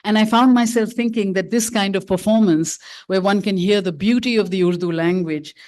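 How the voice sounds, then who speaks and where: A woman gives a memorial lecture, shaping it as a string of personal stories. She sounds reflective and anecdotal, often pausing on a filler or restarting a phrase. Her voice sits in a middle pitch. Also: darkish tone. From India. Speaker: filmmaker giving a memorial lecture. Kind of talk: prepared lecture speech told as personal stories.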